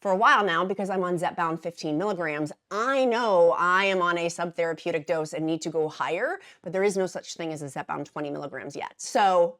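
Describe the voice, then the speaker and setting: A woman vlogger talking casually and emphatically to her viewers, repeating words for stress and dropping into quieter asides. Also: fairly low pitch, fairly quick, few pauses. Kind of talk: casual explainer vlog.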